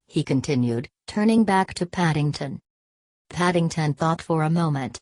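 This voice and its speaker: Brief: woman narrator, low voice, dry close sound, storybook reading. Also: normal speed, darkish tone, dry recording. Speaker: reader.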